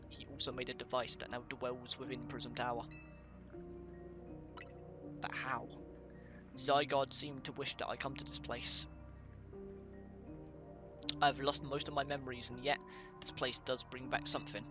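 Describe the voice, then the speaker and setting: A man's voice: medium pitch, little pitch movement, unhurried, pauses often, over music. A young man giving casual commentary while reading game text aloud, swearing now and then and stumbling over hard names. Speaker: let's play gamer.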